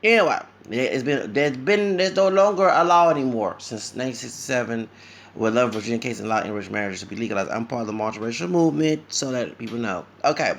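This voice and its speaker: A tired man from Louisiana with a Louisiana accent, talking fast and rambling in an opinionated livestream monologue. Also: medium pitch, slight background noise. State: tired, sleepy. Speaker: vlogger.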